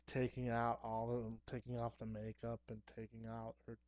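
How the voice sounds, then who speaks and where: A man's voice: mid-range voice, measured pace, dry recording. Chatty young man vlogging about horror films. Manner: chatty, excitable, with fillers and playful asides. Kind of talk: casual chat to camera. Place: dim room at home.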